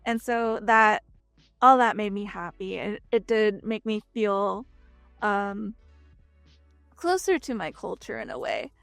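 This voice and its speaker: A young woman from Texas chats as a guest in an interview, chatty and full of fillers. Her voice sits at a middle pitch and sounds dry and close. Soft music plays faintly behind her. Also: takes it slowly, vocal fry, long pauses, smooth, no echo. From Texas, United States. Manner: chatty, frequent fillers and lively quoted asides. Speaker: voice actress guest. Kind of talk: casual interview chat.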